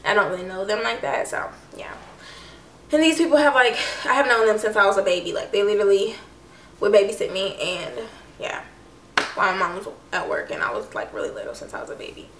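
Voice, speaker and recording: A woman's voice: medium pitch, animated, fast talker, a bit bright, far from the mic, a little hiss or hum. A young woman telling a personal story to camera in a casual, chatty way, full of "like" and "I don't know". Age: young adult. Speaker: vlogger. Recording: echoey room, voice a bit off-mic.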